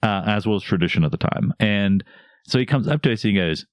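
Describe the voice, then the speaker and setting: A man with a low-set voice spins a casual comedy story into a podcast mic, acting out the people he quotes. The sound is dry and close, with no room around it. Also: brisk, no room sound. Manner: animated storyteller who acts out quoted voices. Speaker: guest stand-up comedian.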